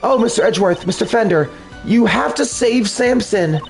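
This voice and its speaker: A gentle, apologetic young woman as a man puts her on, her voice raised a bit and very lively in pitch. She speaks softly and earnestly, with polite, shaken phrasing, in a fan dub of a game. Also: moderate pace, creaky, soft background music.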